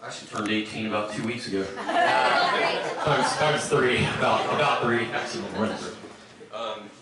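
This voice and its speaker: A man's voice: lowish voice, normal speed, heavy background noise. A man giving a jokey toast at a party. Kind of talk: casual speech. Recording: echoey room from far off, loud ambience.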